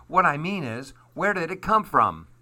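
A man's voice: on the high side, lively intonation, slow, pushed and bright, pitched above the performer's own voice, heavily acted. Duck, a man doing a fussy, bossy duck. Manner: fussy, scolding, boastful. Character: bossy, excitable male duck. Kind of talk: storybook read-aloud.

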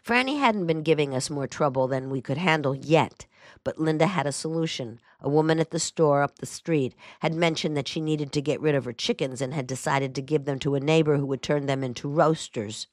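A woman with a low, deep voice narrates a first-person memoir for an audiobook in a dry, even manner, speaking a little fast. The recording is close and dead, with no sense of a room.

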